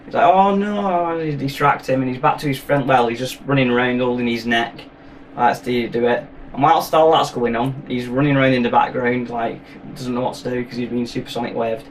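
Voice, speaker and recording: A man's voice: mid-range voice, steady tone, a little fast. A man recapping a film in a rambling, profane, jokey way. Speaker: film reviewer. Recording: voice from a distance, faint noise.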